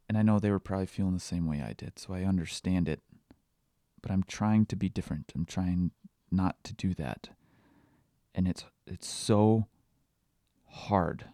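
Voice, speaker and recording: Candid, halting man with a low voice. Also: dry recording, studio quality. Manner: candid, halting, with many fillers and restarts; quietly emotional, reflective. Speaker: parenting podcast host. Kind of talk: confessional solo podcast monologue.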